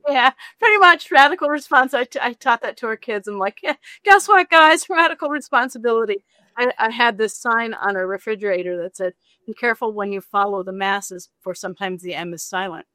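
A woman author with a medium-pitched voice talks fairly quickly in a studio-quality recording with no echo. Being interviewed in casual chat, she tells a rambling personal story, animatedly acting out the voices of the people she quotes.

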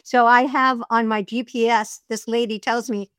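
Chatty higher-voiced woman narrator. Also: little pitch movement, fairly bright tone, smooth, no room sound, clean studio sound. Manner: chatty, storytelling, quick to laugh. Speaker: voiceover artist and audiobook narrator. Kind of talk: casual interview chat.

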